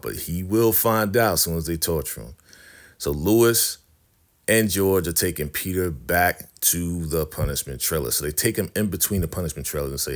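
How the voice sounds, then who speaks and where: A young man giving a casual recap of a TV episode, acting out the characters' lines in quick slangy asides. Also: low-pitched, expressive. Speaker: recap youtuber.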